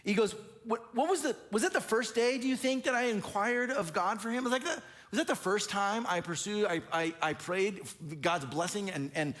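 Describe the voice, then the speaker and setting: A pastor preaching a sermon, who acts out the characters' lines and swings between loud questions and low asides. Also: male voice. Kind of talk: animated sermon retelling a Bible story.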